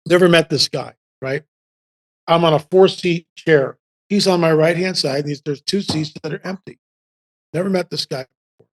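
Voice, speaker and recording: A man in his seventies, a podcast guest telling casual stories in an animated, rambling way full of restarts. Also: on the high side, moderate pace. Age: 70s. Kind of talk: casual storytelling.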